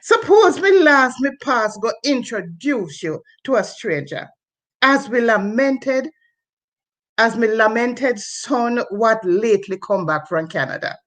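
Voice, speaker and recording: A woman's voice: on the high side, animated, slow, fairly bright tone. A woman reciting as a scolding Jamaican parent. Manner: rhythmic, scolding dialect verse. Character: scolding Jamaican parent shaming a returned son. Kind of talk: dialect poetry recitation. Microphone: video call.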